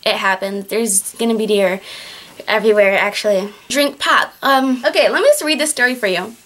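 A woman's voice: medium pitch, normal speed, a bit bright. A teenage girl from Michigan with a Michigan accent, chatting at home in a casual vlog, exasperated and full of fillers and restarts. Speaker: vlogger on a group channel. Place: at home, in winter.

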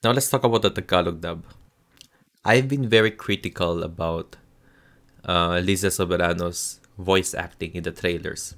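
A man's voice: low-pitched, steady tone, normal speed, a bit bright. A Filipino man with a Filipino accent giving a casual spoken review, hesitant and full of ums and restarts. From Philippines. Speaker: show reviewer.

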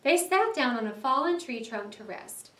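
A woman teacher reading a story aloud for a class in an expressive way, stopping to explain words. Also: high-pitched, normal speed, echoey room, recorded from a distance. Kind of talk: read-aloud lesson narration.

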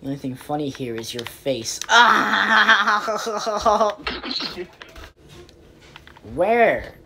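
A woman commentating casually on her game, rambling and playfully exasperated, breaking into quick pleading outbursts. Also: medium pitch, animated, vocal fry, pushed and bright, slight background noise. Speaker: game player.

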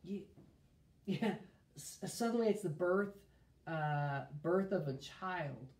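A man's voice: high voice, animated, takes it slowly, darkish tone. A man leading a casual Bible study, thinking aloud with restarts and reading scripture in a lifted voice. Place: room streamed live. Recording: roomy echo.

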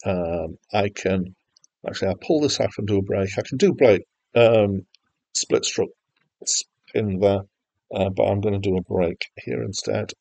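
A man's voice: lowish voice, unhurried, creaky, mellow, dry recording, dull audio. A man teaching game development over a screen recording, chatty and self-deprecating, with frequent filler words. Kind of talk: screen-recorded software tutorial.

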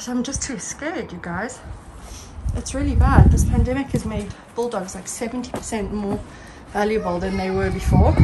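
A woman vlogging casually in her garden on a handheld phone. She chats with viewers, giggles often and calls out to her dogs. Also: on the high side. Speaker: dog owner and vlogger. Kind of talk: casual vlog talk to viewers. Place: home garden outdoors. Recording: noisy outdoor phone recording.

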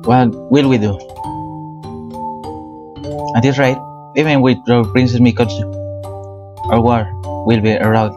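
A man voicing a gentle, sorrowful young sea witch girl in a game, speaking softly, slowly and hesitantly. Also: mid-range voice, steady tone, natural voice. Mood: despairing. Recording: dull, with game music behind.

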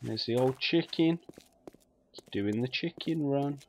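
A man's voice: mid-range voice, slow pace, background noise. A man giving casual, muttering commentary while he plays a survival game, swearing freely. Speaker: let's play gamer.

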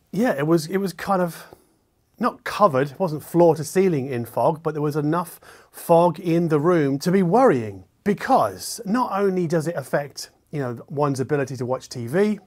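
Chatty man hosting a hi-fi video. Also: on the high side. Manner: chatty, self-correcting with restarts. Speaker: hi-fi video host. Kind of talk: casual deadpan explainer to camera. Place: room in his apartment.

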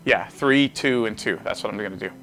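A man hosting a livestream, casually commenting on his card game as he plays, animated and joking while he thinks aloud. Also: fairly low pitch, brisk, soft background music. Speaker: host.

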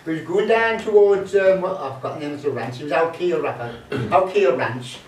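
At a folk club, a man tells rambling comic anecdotes in a chatty, jokey way, full of fillers. His voice is a little high and at a normal speed, recorded from a distant mic in an echoey room with slight background noise.

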